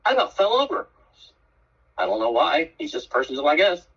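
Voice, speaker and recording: Cussing guy telling stories, bright raspy voice, kinda far from the mic and muffled. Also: a little high, fairly quick. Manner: blunt, profane, lively storyteller. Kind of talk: casual storytelling chat. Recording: dull, muffled sound from off the mic.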